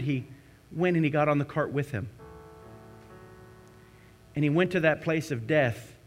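A man preaching a communion sermon as a pastor, swinging between passionate cries and hushed prayer. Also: fairly high pitch. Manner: impassioned storytelling, rising to cries then hushing to prayer.

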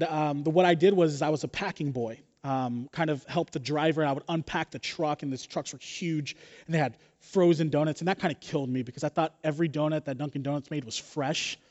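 A male pastor preaches his sermon with a lively, joking storytelling manner. His voice sits a little high. The sound is dull and carries a long reverb from the hall.

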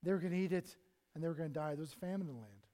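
A man preaching a sermon in earnest, his voice swelling loud and then dropping almost to a hush, acting out prayers and Bible figures as he goes. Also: fairly high pitch, expressive, very fast. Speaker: pastor.

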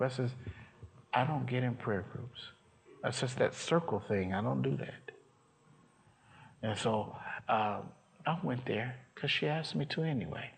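A preacher with a mid-range, creaky voice shares a personal story as sermon testimony at a moderate pace, with long pauses. He voices the people in his story and builds at times to shouting.

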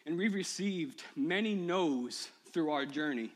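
A male pastor preaching a personal sermon to his church, moving from quiet confession to impassioned, rising appeals. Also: on the high side, animated, measured pace. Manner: personal, builds to impassioned shouting. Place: church sanctuary.

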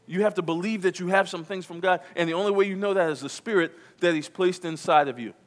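A man's voice: high-pitched, fast talker. Man preaching a fiery sermon. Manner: emphatic preaching, repeats key phrases, calls to the congregation. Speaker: pastor. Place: church.

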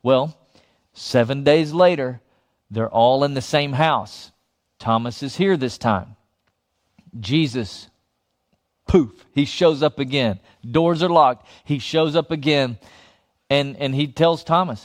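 A male pastor preaching a lively sermon, often repeating phrases and chuckling between points. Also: medium pitch, measured pace.

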